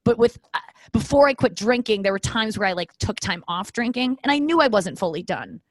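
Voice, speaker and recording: This podcast host, a woman in her forties, wanders through a solo monologue, swearing lightly, poking fun at herself and repeatedly losing then finding her thread. She speaks a little fast in a mid-range voice with big pitch swings, captured close and dry with no room sound.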